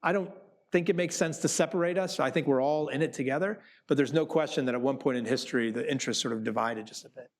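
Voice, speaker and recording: This Broadway producer talks fast, his voice mid-range, as he chats with business students. Telling anecdotes, he animatedly acts out the quotes.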